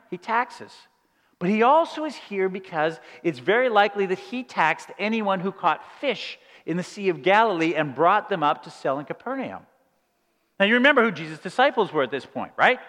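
A male pastor preaching a sermon in an animated storytelling way, often restarting his phrases, with a long hall reverb around his voice. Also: sits high.

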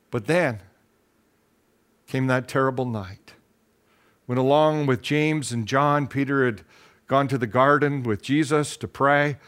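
A male pastor preaching a sermon, retelling a Bible story in an earnest, dramatic way, with pauses and repeated words. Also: medium pitch, fairly bright tone, smooth.

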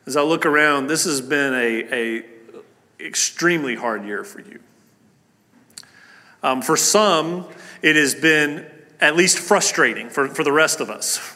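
Male pastor, sermon, earnest and conversational, bright forceful voice, slightly high, church reverb. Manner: earnest, conversational, many fillers and restarts. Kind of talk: sermon with opening prayer. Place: church service. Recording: long church hall reverb.

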